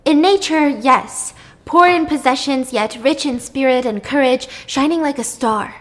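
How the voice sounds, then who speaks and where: A desperate, lovesick young sea nymph begs in a high, breathless voice, as a woman storyteller puts her on. Her lines rise sharply and tumble out in a rush. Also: measured pace, fairly bright tone. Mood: pleading. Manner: pleading, breathless, high-pitched.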